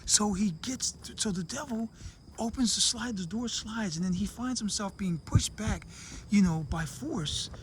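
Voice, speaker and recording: A man's voice: high-pitched, a little slow, slight background noise. A man casually telling a long joke to camera, acting out the characters in raised voices. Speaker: vlogger living abroad.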